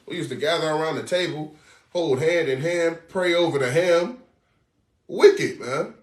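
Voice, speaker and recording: Street preacher, male, animated and slangy, fairly high voice, recorded far off in an echoey room. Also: moderate pace. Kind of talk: sermon commentary on scripture.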